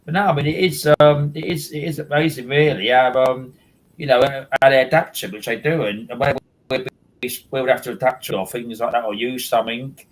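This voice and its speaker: A man's voice: medium pitch, steady tone, a little fast, poor audio. A man, hosting a casual chat and rambling with many restarts and repeated words. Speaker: host.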